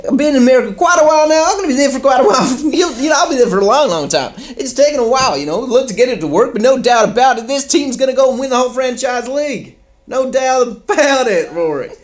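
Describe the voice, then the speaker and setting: A podcast host puts on a bragging footballer, his voice pushed up high and breathless. He keeps repeating himself with swaggering confidence. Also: lively intonation, fast talker. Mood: boastful. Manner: breathless, boastful, repeats "no doubt about it". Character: jokey impression of a famous footballer, adult man, boastful.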